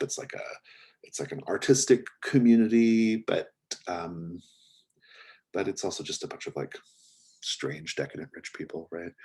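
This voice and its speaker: A man's voice: low voice, a little mellow, husky. A man narrating as game master of a tabletop role-playing game, rambling with many fillers and restarts.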